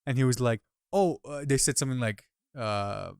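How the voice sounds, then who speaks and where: A man co-hosting a laid-back podcast, spinning anecdotes with lots of laughter. His voice sits at an ordinary middle pitch. The sound is close and dry, with no room around it. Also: moderate pace, vocal fry, clear, resonant tone, no room sound. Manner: animated storyteller, laughs often. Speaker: podcast co-host. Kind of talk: casual chat. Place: Midwest.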